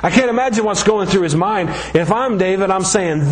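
A man's voice: high voice, normal speed, few pauses. A man preaching a sermon as pastor, talking casually and joking as he tells the story.

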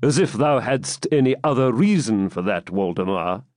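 A man voicing a calm, pleasure-loving medieval knight who speaks coolly and evenly. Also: lowish voice, dry recording, clean studio sound, natural voice. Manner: calm and cool, measured.

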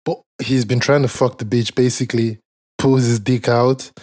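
A man's voice: mid-range voice, fairly even intonation, moderate pace, a little mellow. A man co-hosting a podcast, telling stories in casual chat with lots of swearing and fillers. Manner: profane, rambling storytelling with frequent fillers and laughs. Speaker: podcast co-host.

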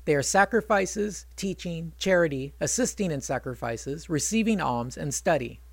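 A man's voice: fairly high pitch, expressive, moderate pace, gravelly, no room sound. Indignant storybook warrior prince, lecturing and arguing, read by a man. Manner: argumentative, lecturing.

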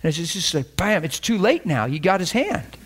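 Storytelling preacher, slightly high voice. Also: male voice, big pitch swings, a little fast, noisy background. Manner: storytelling, acting out both sides of conversations. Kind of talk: sermon with acted-out anecdotes.

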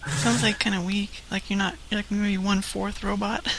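Bright, gravelly stream guest. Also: mid-range voice, level tone, normal speed, slight background noise, poor audio. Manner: chatty, teasing, reacts with laughs. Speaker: guest on a live-stream call. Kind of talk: casual live-stream chat.

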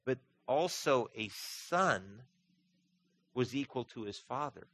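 Preaching slowly and with animation, this pastor is earnest throughout. He builds to emphatic high points and lowers his voice to a quiet hush for scripture.

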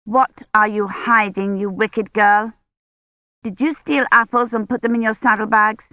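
Woman as a bossy sullen older sister, scolding, slowly spoken, dry muffled audiobook. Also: a little high, fairly even intonation, no room sound, voice pushed up, close to an everyday voice. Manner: scolding, sharp old-fashioned speech. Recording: dull dry audiobook recording.

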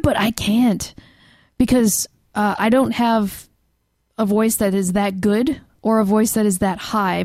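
A woman's voice: medium pitch, a little mellow, no room sound, studio quality. A woman co-hosting a casual live podcast over a voice call, giggling often and breaking into song. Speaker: podcast co-host. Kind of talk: casual live podcast chat with sung bits.

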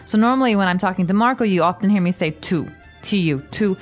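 A woman's voice: medium pitch, animated, fast, soft background music. A woman co-hosting a language podcast, patiently explaining Italian grammar to learners.

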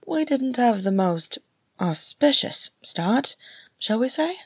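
A woman voicing an elderly male hobbit with a cracked, wavering voice, gentle and wistful, in a storybook reading. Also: a little high, expressive, slow pace, husky, no echo, studio quality, voice pushed up, heavily acted. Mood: reminiscing.

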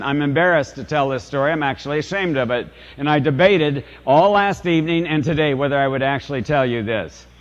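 Older priest giving a sermon, tells stories, asks the folks questions, bit high voice, muffled old recording. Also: male voice, long reverb tail. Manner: storytelling, confessional, rhetorical questions to the congregation.

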